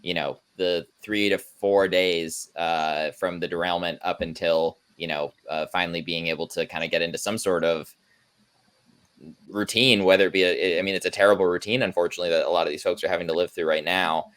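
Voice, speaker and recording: Journalist guest: man with a very low voice, earnest and explanatory, conversational. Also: fairly even intonation, a little fast, fairly bright tone, clear, resonant tone. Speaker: independent journalist as interview guest. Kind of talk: remote interview conversation.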